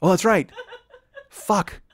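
A man in his forties hosting a comedy podcast, ranting in a rambling, profane way and mocking people with put-on quotes. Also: slow. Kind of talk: casual comedic chat. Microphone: close studio microphone.

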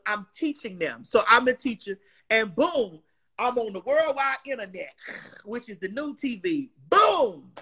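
A woman's voice: on the high side, fairly bright tone, slightly rough. A woman guest on a talk show, chatting casually and emphatically with slang, repeating words and quoting scripture like a preacher. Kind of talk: casual interview chat.

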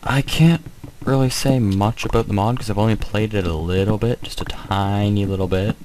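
A man giving casual, hesitant commentary while showing a game mod, with many pauses and fillers. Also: lowish voice, fairly even intonation, darkish tone, slight background noise, poor audio. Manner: hesitant, many ums, rambling.

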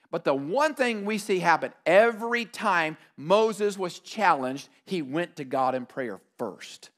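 A middle-aged male pastor delivers a sermon in a fairly high voice. He speaks emphatically, repeating key phrases for weight and acting out quoted prayers. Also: a bit bright.

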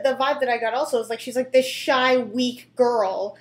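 A woman's voice: fairly high pitch, fairly even intonation, fairly quick, few pauses. Young woman rambling and giggling, reacting to clips, roomy echo. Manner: chatty, giggly, lots of fillers and restarts. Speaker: reaction video host. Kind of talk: casual reaction commentary.

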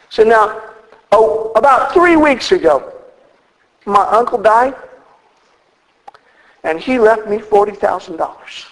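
A man's voice: high voice, lively intonation, slow, pauses often, poor audio. A man preaching a sermon as the church's minister, folksy and joking.

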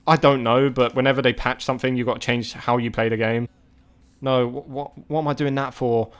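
A man's voice: mid-range voice, flat delivery, brisk, smooth. Exasperated man commentating a game. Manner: exasperated, swearing, exclamatory outbursts. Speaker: gaming video creator. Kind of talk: live gameplay commentary to chat.

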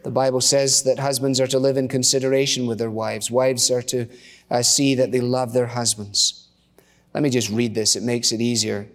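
A man's voice: mid-range voice, level tone, moderate pace. A middle-aged male pastor preaching a sermon in a conversational, storytelling way with casual asides. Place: church. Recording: long church reverb.

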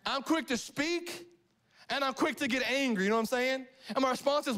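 A middle-aged male pastor preaching a live sermon in church, animated and often asking the congregation questions. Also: very high voice, brisk. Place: church sanctuary.

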